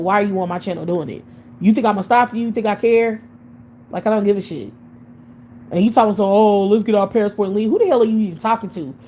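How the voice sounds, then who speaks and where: A woman's voice: mid-range voice, a little mellow, a little hiss or hum. A woman hosting a livestream, ranting to her chat in a combative, profane way, firing off rhetorical questions and restarting words when heated.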